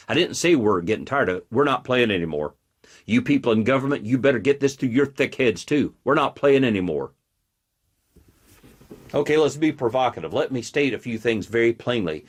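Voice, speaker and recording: A man hosting his own show, giving a blunt, combative political commentary monologue. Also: mid-range voice. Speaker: host.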